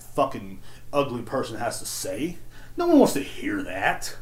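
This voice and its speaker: A man ranting alone into his podcast mic, crude and full of swearing. He rambles from one gripe to the next. His voice jumps between loud, excited bursts and low, half-swallowed mutters. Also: unhurried. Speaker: podcast host. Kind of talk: casual solo podcast rant.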